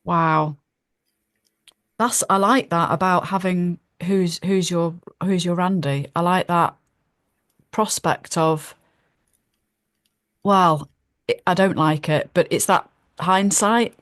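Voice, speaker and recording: Female podcast host, measured and encouraging; lower voice, dry close sound. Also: dry recording. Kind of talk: interview podcast hosting.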